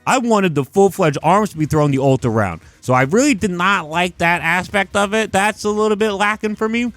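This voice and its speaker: A man's voice: high-pitched, expressive, brisk, a bit bright, no room sound. A young man hosting a casual video-game review, emphatic and swearing freely. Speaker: gaming video host.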